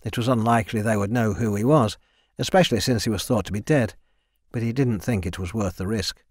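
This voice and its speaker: A man narrating a fantasy audiobook in a steady, measured way, close to the mic. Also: fairly low pitch, no room sound. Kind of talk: scripted narration.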